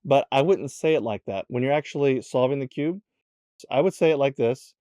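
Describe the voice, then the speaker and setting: A man's voice: mid-range voice, a little fast, mellow, no echo. A man hosting a step-by-step puzzle tutorial in a casual way, counting the moves aloud as he demonstrates them. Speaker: tutorial host.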